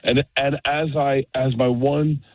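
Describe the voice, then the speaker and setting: Animated man telling a story over a muffled phone line. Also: mid-range voice, slow, no echo. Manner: rambling, animated storytelling with acted quotes. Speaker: celebrity caller on the hotline. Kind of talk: phone-in banter. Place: in a car.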